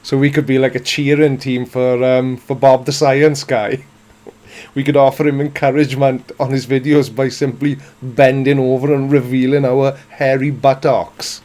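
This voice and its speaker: A man's voice: medium pitch, little pitch movement, moderate pace, a little mellow. A man in his forties from South Wales with a Welsh accent, hosting a live stream and answering chat in a dry, self-mocking, playful way. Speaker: livestream host reading chat.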